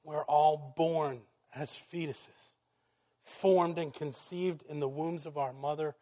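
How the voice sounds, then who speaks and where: A man preaching a sermon, emphatic, firing rhetorical questions and swinging from loud exclamations down to hushed, quiet passages. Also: a little high, fairly even intonation, slow pace. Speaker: pastor.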